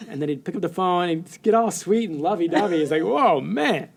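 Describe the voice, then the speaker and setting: Animated storytelling man, slightly high voice. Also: quick pace. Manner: animated raconteur, laughs often, acts out quotes. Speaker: author guest. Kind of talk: storytelling interview.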